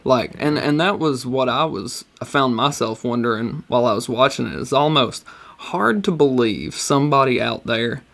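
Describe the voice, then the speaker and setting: A man chatting on a podcast in a loose, rambling way, swearing often as he tells a story. His voice sits in an ordinary middle pitch. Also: expressive, moderate pace, gravelly, fairly bright tone. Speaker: podcast co-host. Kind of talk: casual chat.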